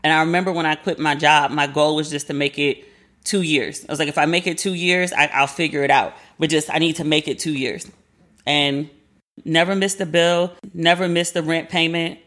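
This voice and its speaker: Animated woman in her forties chatting. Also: normal speed. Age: 40s. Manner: animated storyteller, slangy, acts out quotes in a higher voice. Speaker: podcast host. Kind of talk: casual chat.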